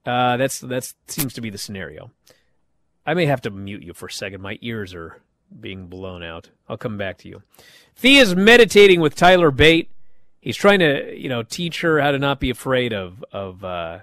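A man hosting a show, recapping wrestling in a casual, animated way and acting out the quoted lines. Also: medium pitch, no room sound, studio quality.

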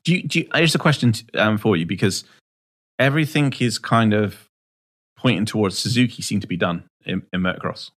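A man co-hosts a relaxed podcast chat in a fairly low voice. He speaks agreeably and often stumbles and restarts before getting his point out. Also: a little fast. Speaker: podcast co-host. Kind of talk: casual chat.

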